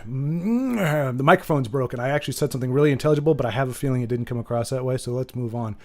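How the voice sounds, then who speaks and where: A man's voice: mid-range voice, fast, a little mellow. A man hosting a livestream, talking in a rambling, playful, self-correcting way to his chat. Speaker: streamer host.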